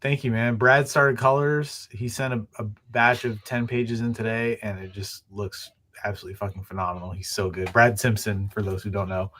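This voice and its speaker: A man's voice: fairly low pitch, fairly even intonation, normal speed, a bit bright. A man who is a comic book artist, a podcast guest talking in a laid-back, hesitant way full of fillers. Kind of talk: casual chat.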